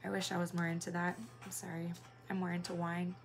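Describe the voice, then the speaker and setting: A woman's voice: fairly low pitch, monotone, fairly quick, vocal fry, faint music behind. A woman in her thirties from Hawaii, a singer and mother, chatting casually on a livestream and rambling with many fillers.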